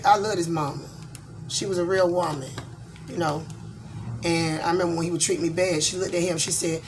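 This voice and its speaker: A middle-aged tarot reader from Georgia, USA, talks in a casual vlog with a lowish, steady voice at a brisk pace. She's blunt and candid, rambling with many fillers, over a noisy background.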